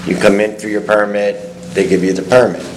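A man's voice: on the low side, level tone, brisk, noisy background. A man giving a critical, methodical public comment at a town meeting.

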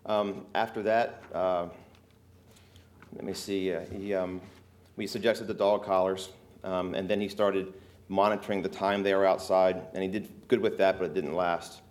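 A man, a local resident, giving earnest, emotional testimony at a public hearing, halting often with fillers. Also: deep voice, level tone, darkish tone.

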